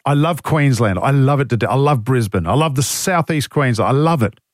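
A man's voice: mid-range voice, expressive, brisk, no echo, studio quality. A man hosting talkback radio, joking, poking fun at himself and reading out listener texts in a casual chat. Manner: joking, self-mocking, reads listener texts aloud. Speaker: radio talk show host. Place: radio studio.

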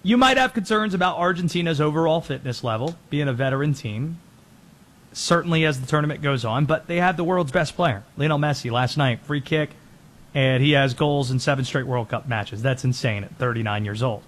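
Guy with a high voice doing casual sports commentary, chatty host, corrects himself a lot. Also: fairly bright tone. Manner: quick, conversational, self-correcting.

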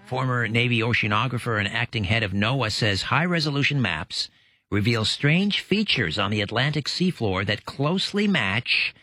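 A man guest-hosting a late-night radio talk show speaks in a pushed, bright mid-range voice. He is chatty, often restarting and correcting himself mid-sentence, and the studio microphone picks up no echo.

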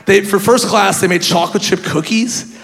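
High gravelly stand-up comic, live crowd. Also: male voice, normal speed, a bit bright. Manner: brash, laughing at his own jokes. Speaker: stand-up comedian. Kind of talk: stand-up storytelling. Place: comedy club stage. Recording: live hall with a laughing crowd.

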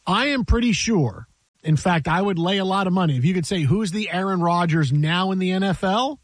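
High-voiced, animated man on sports radio. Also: a little fast, no room sound. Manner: animated storyteller, laughs, repeats himself. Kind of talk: casual sports radio chat.

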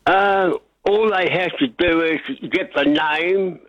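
Slow hesitant male radio caller. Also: sits high, fairly bright tone, dry recording. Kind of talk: talkback call-in. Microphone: telephone. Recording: dull muffled phone line.

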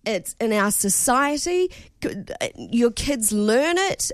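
A woman's voice: on the high side, sing-song, slow, dry recording, clean studio sound. A woman co-hosting a breakfast radio show, chatting casually and laughing easily.

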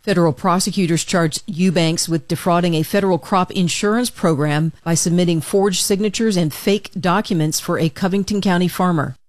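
A woman anchoring a radio newscast, reading scripted stories in a steady, measured way. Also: lowish voice, no room sound. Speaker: news anchor. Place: studio booth.

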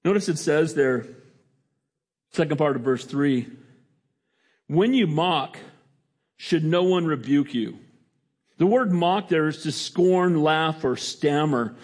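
Middle-aged man, pastor giving a sermon; somewhat high-pitched, chatty, emphatic then quietly reflective. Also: takes it slowly, pauses often. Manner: conversational, swinging between raised emphatic lines and quiet, hushed reflection.

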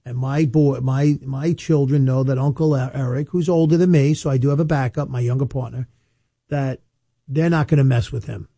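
A man, an estate planning attorney giving casual, chatty advice with storytelling asides and emphatic slowed-down points. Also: mid-range voice, steady tone, warm tone, slightly rough, dry recording, studio quality. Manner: emphatic, slows down to stress points. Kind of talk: casual advice monologue to camera.

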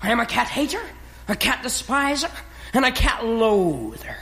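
A woman's voice: fairly high pitch, sing-song, normal speed, a bit bright, breathy edge, full character voice. A woman playing a dramatic, cat-hating male pet dog in a stage musical, brooding in theatrical self-pity. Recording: reverberant stage recording.

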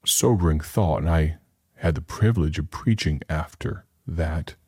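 A man with a very deep, dark voice sets up a sermon for his radio audience. He talks earnestly and plainly, telling a story with a husky grain. The sound is close and dry. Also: unhurried, dry recording. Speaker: radio preacher. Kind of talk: broadcast sermon introduction.

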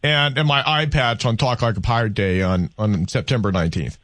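A man's voice: mid-range voice, fairly quick, a bit bright, no echo, clean studio sound. Rambling male radio talk host. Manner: rambling, self-deprecating. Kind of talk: casual call-in radio chat. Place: radio studio. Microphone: studio mic.

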